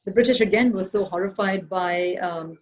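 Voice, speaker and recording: A woman's voice: mid-range voice, moderate pace, dull audio. A woman from Kerala, India, speaking on an online panel in a reflective, argumentative academic manner.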